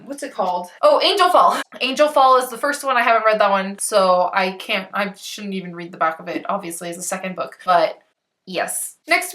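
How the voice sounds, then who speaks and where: Young woman, bright voice, bubbly, rambling, casual vlog chat. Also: sits high. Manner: bubbly and rambling, stumbles over author names. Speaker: book vlogger.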